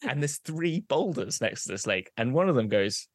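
A man's voice: mid-range voice, expressive, normal speed, hardly any pauses, no room sound, studio quality. A young man, a podcast co-host, telling a long rambling joke, losing his place and starting over. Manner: rambling, loses track, restarts.

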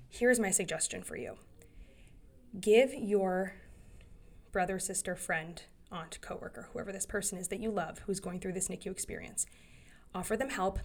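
A woman's voice: mid-range voice, darkish tone. A woman in her thirties hosting a solo podcast, giving earnest, rambling advice straight to her listeners. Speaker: podcast host.

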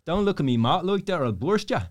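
A man's voice: sits high, animated, fast, voice pushed up. An Irishman putting on a menacing Dublin tough. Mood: threatening. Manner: threatening, aggressive. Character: menacing young Dublin man on a bus.

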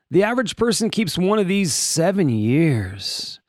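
Animated, joking male podcast host. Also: high voice, measured pace, no echo. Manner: joking, animated, puts on silly voices for quotes. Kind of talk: casual comedic news chat.

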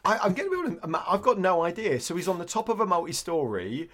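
A man's voice: high-pitched, very animated, quick pace, a bit bright. A man on a podcast chatting hesitantly, often chuckling. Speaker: podcast co-host. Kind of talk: casual chat.

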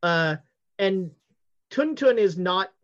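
A game master narrating a tabletop game scene, halting with many fillers and restarts. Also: mid-range voice, lively intonation, muffled recording.

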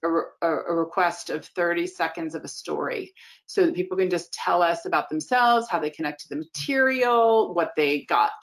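A woman casting director answering interview questions in an animated, emphatic way, with quick asides. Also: fairly low pitch. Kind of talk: casual interview talk.

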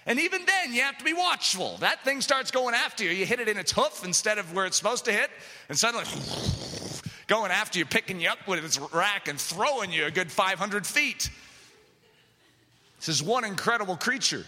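A man preaching a sermon, impassioned and building to shouted lines. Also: high-pitched, expressive, normal speed. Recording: reverberant hall.

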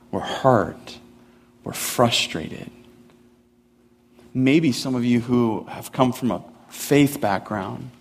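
A man's voice: mid-range voice, long reverb tail. A man preaching a sermon in a casual, conversational way, with many "like" fillers, building intensity as he goes. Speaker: pastor.

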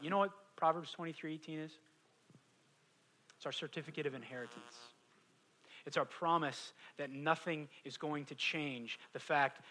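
Male pastor, 30s, bright, slightly high voice, animated sermon delivery, loud questions and hushed asides. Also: rough recording. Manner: animated, swings from loud emphatic questions to hushed quiet lines.

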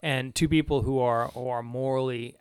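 A man's voice: mid-range voice, fairly even intonation, moderate pace, smooth, dry recording. A man in a casual book discussion, earnestly explaining his reading at length and laughing easily. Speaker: discussion partner.

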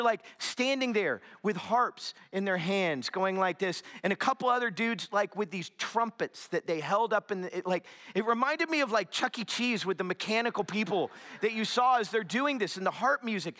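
A young man preaching a sermon, telling a story in an animated, chatty way with lots of fillers. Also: sits high. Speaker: pastor.

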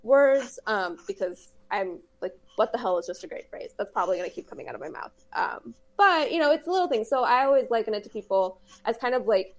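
A woman's voice: a little high, expressive, a little fast, hardly any pauses. Chatty woman podcast co-host. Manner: chatty, explanatory, laughs easily. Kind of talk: casual chat.

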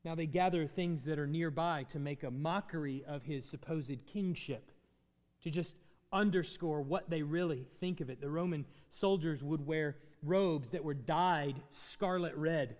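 A man's voice: fairly high pitch, a little slow, a little mellow, big-room sound. A man preaching a sermon as pastor, teaching through a Bible passage and asking his congregation questions.

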